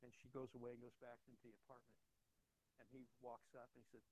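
Earnest male pastor preaching, halting, lots of restarts, goes quiet on the big lines. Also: mid-range voice, little pitch movement, rough recording. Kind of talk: sermon with personal story.

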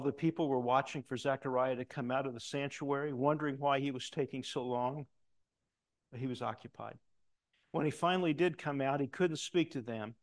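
A middle-aged man preaching a sermon, reading scripture aloud and breaking off into animated asides, loud for quoted lines and hushed for comments. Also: mid-range voice. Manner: animated, swings between loud emphatic reading and quiet asides. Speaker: pastor.

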